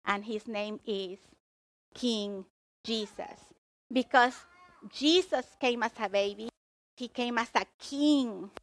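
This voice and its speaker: A woman preaching a sermon, emphatic and expressive as she tells the story. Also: a little high, slow pace.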